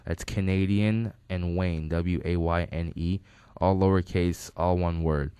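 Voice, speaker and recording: A man with a very low, smooth and resonant voice tells casual stories about a friend who has died. He rambles and restarts his sentences as he goes. The studio sound is dry and close. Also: steady tone, a little slow, mellow, no echo. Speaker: friend giving a tribute. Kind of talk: casual storytelling. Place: recording studio.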